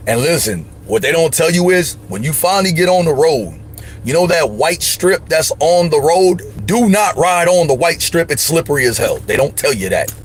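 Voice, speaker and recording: A man's voice: a little high, lively intonation, moderate pace, a little hiss or hum. A man hosting a livestream, giving emphatic, slangy advice in casual chat. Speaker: livestream host.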